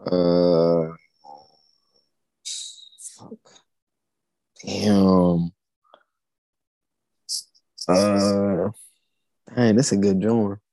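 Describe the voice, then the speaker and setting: Gravelly young man, relaxed slang. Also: sits low, extremely slow, pauses often, no room sound, poor audio. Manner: relaxed, slangy, hesitant fillers. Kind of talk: casual chat.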